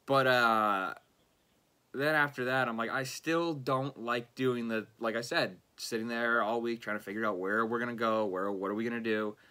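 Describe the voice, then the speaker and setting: A man's voice: mid-range voice, steady tone, moderate pace, bright, forceful tone. A young man, rambling casually and frustratedly about his own videos, full of fillers and swearing. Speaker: YouTuber. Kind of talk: unscripted rambling monologue.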